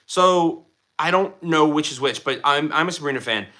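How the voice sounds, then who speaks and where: Playful bright-voiced man hosting a livestream. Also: on the high side, normal speed. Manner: playful and goofy, slips into silly voices. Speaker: livestream host. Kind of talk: casual livestream chat reading comments.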